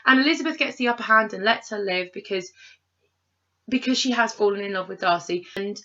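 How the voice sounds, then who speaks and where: A woman's voice: mid-range voice, a little fast, pushed and bright, highs cut off. A woman co-hosting a casual review chat, animatedly acting out characters' lines as she rants. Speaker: podcast co-host reviewing a film.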